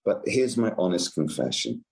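A man being interviewed as an author guest. He talks gently and thoughtfully, with hesitant restarts. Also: low voice, very animated, normal speed, vocal fry. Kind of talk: interview answer.

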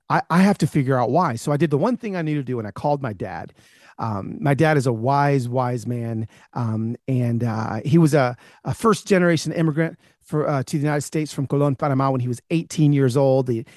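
A man, a guest author, telling a personal story in an interview, fast and animated, with many restarts. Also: mid-range voice, no room sound, clean studio sound.

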